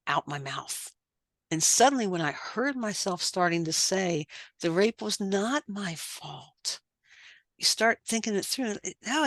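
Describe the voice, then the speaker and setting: A woman's voice: lowish voice, fairly bright tone, dry recording, studio quality. A middle-aged woman sharing her story as a podcast guest, earnest, repeating phrases for emphasis. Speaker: guest, life coach. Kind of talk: candid personal testimony.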